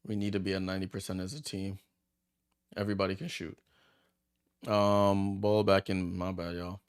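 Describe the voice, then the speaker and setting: A man hosting a watchalong, giving chatty, excitable play-by-play as he reacts aloud to the game. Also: sits low, normal speed, clear, resonant tone. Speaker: watchalong host. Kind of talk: casual live play-by-play commentary.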